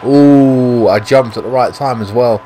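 A man's voice: medium pitch, a little fast, darkish tone, faint music behind, a faint crowd. A man with a British accent giving live commentary over his own football video game, swearing often and talking to himself in frustration. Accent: British English. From Britain. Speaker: gaming YouTuber.

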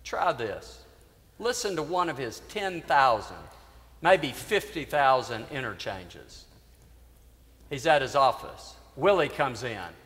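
Slow earnest male preacher. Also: medium pitch, lively intonation, a bit bright. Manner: storytelling, earnest, dramatic pauses. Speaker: priest. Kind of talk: sermon. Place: church. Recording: reverberant church hall.

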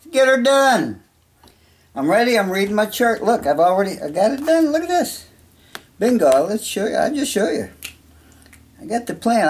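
Rambling, jokey man vlogging. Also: sits high. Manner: rambling, jokey, talking to himself. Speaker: musician vlogger. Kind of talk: casual vlog chat.

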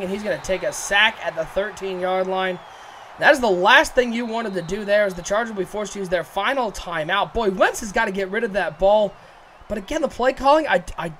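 Man, play-by-play commentator, high voice, bright tone, slight background noise. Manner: excitable, jokey, rises to shouts on big plays. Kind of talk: video game sports commentary.

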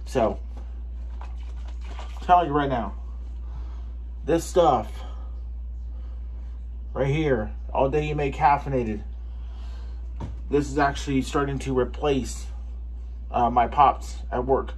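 A man reviewing a pre-workout supplement in a casual taste-test vlog, excitable and swearing for emphasis. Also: mid-range voice, takes it slowly, pauses often, slightly rough. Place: home gym.

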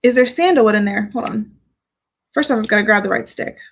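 A woman's voice: a little high, brisk, slightly rough, rough recording. A woman chatting casually on a live stream as she reviews fragrances, giggling and reading out viewer comments. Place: home with dogs.

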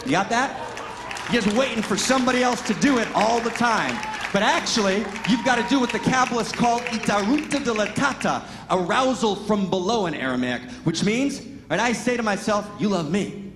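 A man giving an impassioned spiritual talk at a Sunday service, emphatic, constantly asking "right?" and swinging between loud exclaims and hushed, intimate lines. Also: high-pitched, animated, fairly quick, crowd noise, background noise. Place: large hall at a live Sunday service. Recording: echoey hall with long reverb.

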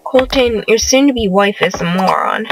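A woman's voice: mid-range voice, animated, normal speed, noisy background. A young woman hosting a casual let's play, commenting on her game, often exasperated and cursing at the characters she controls. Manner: exasperated, swears a lot, scolds the game characters. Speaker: gaming channel host.

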